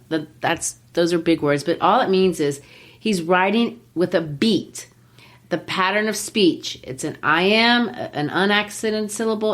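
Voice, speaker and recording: A woman hosting a literature podcast and explaining in a lively, teacherly way, with frequent "you know.". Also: lowish voice.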